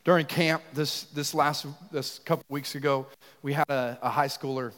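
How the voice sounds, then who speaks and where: A young man preaches with fiery passion, his voice lifting almost to a shout as he pushes his point. His tone sits a little higher than most men's, and the church hall gives every phrase a long, ringing tail. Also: steady tone, normal speed. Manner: passionate, often raises voice to near shouting. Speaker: youth pastor leading worship. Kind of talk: sermon. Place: church sanctuary.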